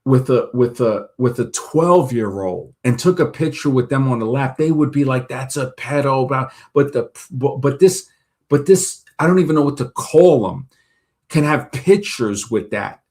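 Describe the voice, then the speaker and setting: A man's voice: mid-range voice, lively intonation, moderate pace, darkish tone. A man hosting a talk show over a remote call, rambling in casual chat with frequent restarts and acting out the people he quotes. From Brooklyn, New York.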